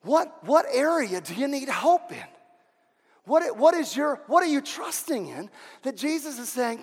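High-voiced fervent preacher in a reverberant hall. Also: male voice, very animated, unhurried. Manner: fervent, repeats phrases for emphasis. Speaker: pastor. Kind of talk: sermon. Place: church sanctuary. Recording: long reverb of a large hall.

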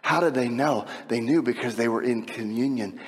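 A man preaching a sermon to a congregation, animated and full of rhetorical questions, coaxing listeners along with "come on" and "right?". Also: medium pitch, normal speed. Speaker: pastor. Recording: long reverb of a large hall.

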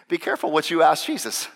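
A man preaching a sermon in an animated way, stumbling over restarts and acting out the quotes he tells. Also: fairly high pitch, normal speed, gravelly. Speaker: pastor. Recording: long reverb of a large hall.

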